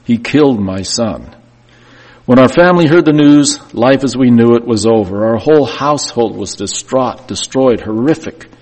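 Husky-voiced preacher in a reverberant hall. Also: male voice, medium pitch, animated, normal speed, darkish tone. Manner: emotional first-person storytelling, rising and falling in intensity. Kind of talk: sermon. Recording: long reverb of a church hall.

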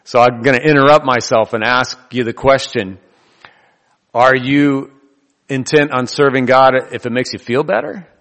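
A man's voice: medium pitch, moderate pace, a bit bright, in a large hall. A man preaching a sermon in a loose, conversational way, joking and laughing between his points. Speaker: pastor.

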